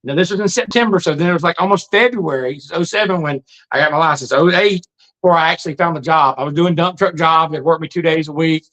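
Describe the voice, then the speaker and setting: A middle-aged man tells his life story in a high voice. He talks fast and plainly, with an earnest, folksy manner. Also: fairly bright tone, poor audio. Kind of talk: casual storytelling monologue.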